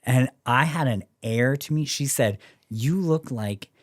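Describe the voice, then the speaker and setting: A man's voice: medium pitch, unhurried, dry recording, studio quality. A young Canadian man, a podcast guest, telling a story in casual chat, acting out quoted voices and swearing freely.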